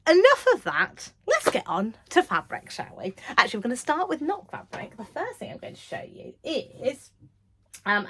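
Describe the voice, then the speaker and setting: A woman's voice: mid-range voice, gravelly. A woman in her thirties chatting to camera about sewing from her home sewing room, gushing and chatty, sometimes dropping to a whisper. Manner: gushing, chatty, drops to whispers when excited. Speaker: sewing vlogger. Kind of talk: casual chat to camera.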